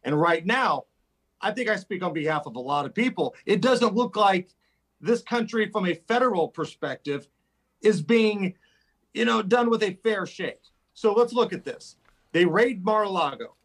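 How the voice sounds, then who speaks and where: A man appearing as a guest on talk radio, making a fast, forceful political argument. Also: high voice, animated. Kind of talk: opinionated talk radio commentary.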